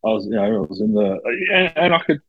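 A man who works as a coach, telling stories in a casual podcast chat, expressive and swearing freely. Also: lowish voice, fast talker, slightly rough, dry recording, dull audio.

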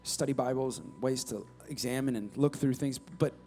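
A man preaching a sermon, animated, swinging from loud calls to soft near-whispers and prompting the congregation. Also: mid-range voice, normal speed, faint music behind. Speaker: pastor.

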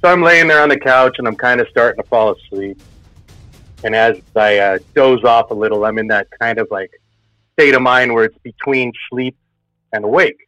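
Rambling and full of filler words, this man shares a spooky story that happened to him, speaking casually. He has a medium-pitched, sharp-toned voice and a moderate pace. The dry recording sounds dull and lo-fi, with faint music.

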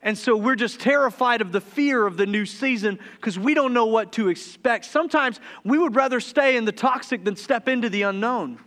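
A man in his thirties preaching a sermon, telling funny, confessional stories that turn quiet and tender. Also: extremely high pitch, moderate pace, few pauses. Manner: humorous, confessional storytelling that turns quiet and tender. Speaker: pastor.

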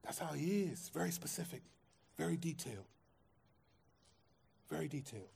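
A man's voice: on the high side, lively intonation, moderate pace, creaky, a little mellow, slightly rough. A man preaching a sermon as pastor, in a conversational way that acts out everyday scenes and quoted voices.

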